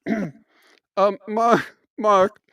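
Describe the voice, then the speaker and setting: A man voicing a bumbling fake German male expert, with a put-on German accent that slips into Irish and halting, broken English. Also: high-pitched, steady tone, fairly bright tone, clear, resonant tone, dry recording, exaggerated voice. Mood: mock serious. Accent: put-on German accent, slipping into Irish. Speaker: show host in disguise.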